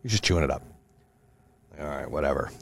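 A man in his thirties or forties hosting a podcast, ranting with lots of profanity in a fired-up motivational way, then dropping to a low, quieter voice for stories. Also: a little fast, creaky. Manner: swings from loud rants to low, quieter storytelling. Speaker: podcast host. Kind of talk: casual monologue.

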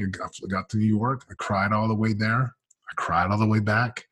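A man's voice: lowish voice, little pitch movement, normal speed, pushed and bright, husky. A man in his forties, a podcast guest telling his story candidly in an emphatic, casual, slangy way.

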